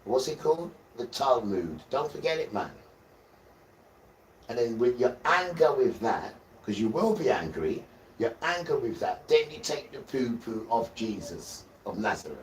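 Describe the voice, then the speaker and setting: A man's voice: medium pitch, big pitch swings, measured pace, distant mic. A man giving a rambling, preachy religious talk on a live stream and calling his viewers guys. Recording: roomy sound from away from the mic, faint noise.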